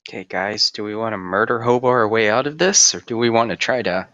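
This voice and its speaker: A man playing in a tabletop game, chatty and lively. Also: on the low side, fast, dull audio. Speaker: player. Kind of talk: casual tabletop role-play.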